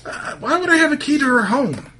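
A man's voice: very high-pitched, big pitch swings, brisk, pushed and bright, pitched above the performer's own voice, full character voice. A man voicing an irritated, grumpy male neighbor in a tabletop game, huffy and exasperated.

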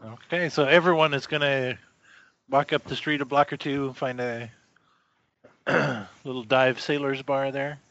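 A man narrating a tabletop game as game master, describing scenes in a relaxed way with many fillers, in a slightly muffled recording. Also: medium pitch, measured pace.

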